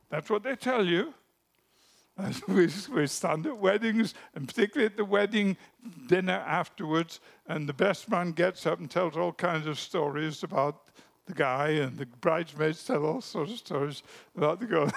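A man preaching a sermon, telling stories and shifting from a hushed voice to emphatic rises. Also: sits high, normal speed, gravelly. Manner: storytelling, drops to a hush for anecdotes then rises with emphasis.

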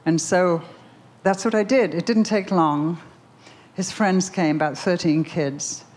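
Low-voiced older woman telling her story. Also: a little slow, a little mellow. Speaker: Christian speaker. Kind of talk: personal storytelling talk.

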